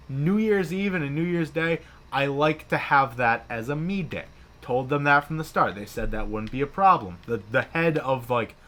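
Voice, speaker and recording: Bright-voiced man telling a story. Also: mid-range voice. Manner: profane, animated, acts out quoted bosses. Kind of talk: casual storytelling chat while gaming.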